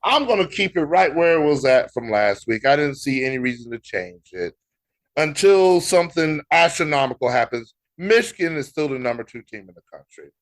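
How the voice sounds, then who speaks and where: An American man co-hosts a casual sports podcast, his voice swinging widely in pitch as he talks. He banters with playful mock exasperation and laughs often. His voice sits a little high for a man. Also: big pitch swings, moderate pace. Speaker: podcast co-host.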